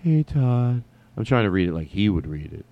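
A man's voice: low-pitched, fast, creaky, muffled recording. A man telling a story casually as a comedian host, rambling with many restarts and some swearing. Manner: rambling, profane, lots of restarts.

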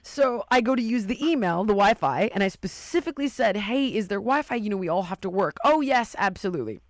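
A woman's voice: mid-range voice, expressive, brisk, dry recording. A woman in casual chat, telling a long story and acting out the voices of the people in it.

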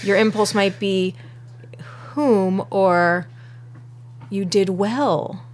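A woman co-hosting a casual podcast chat, talking calmly and reasoning things out with gentle teasing. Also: mid-range voice, extremely slow. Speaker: podcast co-host.

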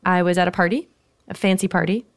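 A woman guest on a podcast, telling a personal story in a casual, animated way with bursts of laughter. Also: on the low side, fast talker, no room sound, studio quality.

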